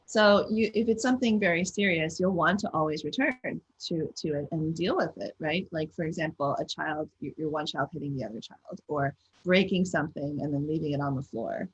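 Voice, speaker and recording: Casting: woman parenting coach, low and breathy, encouraging, keeps checking in with listeners. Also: fairly quick, few pauses, highs cut off. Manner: encouraging, guides listeners through exercises; frequent checking "okay?" and "right?". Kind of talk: live online coaching talk.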